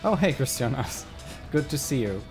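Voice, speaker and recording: A man's voice: mid-range voice, big pitch swings, normal speed, over music. A man live-streaming his video editing, talking casually and thinking aloud with many fillers.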